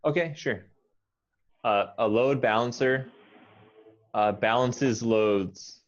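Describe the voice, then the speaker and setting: A man with an American accent, an English teacher patiently coaching pronunciation and modeling words slowly. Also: medium pitch, muffled recording.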